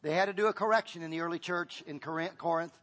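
A man preaching a sermon as a pastor. His delivery swings from loud to hushed, and he repeats words and restarts phrases as he goes. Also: a little high, fast.

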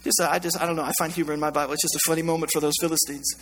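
A male pastor preaches in a loose, conversational style, cracking jokes as he tells the story. His voice sits high and sounds bright and forceful. It echoes with a long reverb through a church hall. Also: racing, a little hiss or hum. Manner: conversational, joking, animated storytelling. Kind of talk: sermon.

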